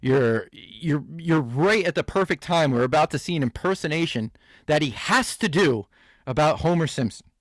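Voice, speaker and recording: Brief: male reaction host, sarcastic riffing, slightly high voice, dry close mic. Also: lively intonation, normal speed, no room sound. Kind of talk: comedic reaction commentary.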